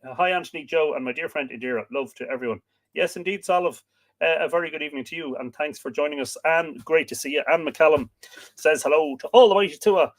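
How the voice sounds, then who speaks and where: Talking fast in a fairly high voice, a man from Ireland reads and answers viewer comments on his livestream, chatty and full of fillers as he says names and greetings. A dog can be heard barking at times.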